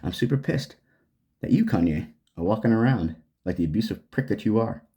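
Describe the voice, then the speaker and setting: A man's voice: fairly low pitch, expressive, brisk, mellow. A man delivering an angry, profane, sarcastic rant straight to the camera. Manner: swearing, heated, sarcastic. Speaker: vlogger.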